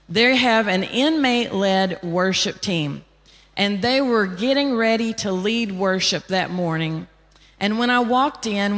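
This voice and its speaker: American woman, conference preacher, mid pitch, emphatic storyteller, big reverberant hall. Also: fairly bright tone. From United States. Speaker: conference speaker. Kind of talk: storytelling sermon. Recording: long reverb of a large hall.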